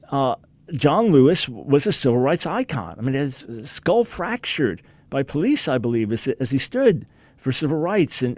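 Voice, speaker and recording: A middle-aged man preaching on a broadcast, telling stories in a lively way and acting out the people he quotes. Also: dry recording. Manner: animated storytelling, acts out quoted people with big pitch jumps.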